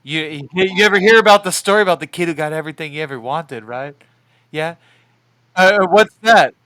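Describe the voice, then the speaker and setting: A man's voice: fairly high pitch, fairly quick, pushed and bright, dry recording. A man co-hosting a podcast in casual chat with friends, joking, laughing often and swearing freely. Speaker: podcast co-host.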